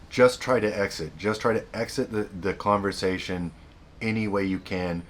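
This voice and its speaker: A man's voice: deep voice, normal speed, a little hiss or hum. A man hosting a self-help video, giving blunt, repetitive, emphatic advice in a casual monologue.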